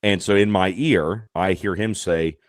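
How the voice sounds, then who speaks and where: Low-voiced man telling a lively story. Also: a little slow, no room sound, clean studio sound. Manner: lively, self-deprecating, many fillers and restarts. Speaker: podcast guest, race announcer. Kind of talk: animated anecdote-telling.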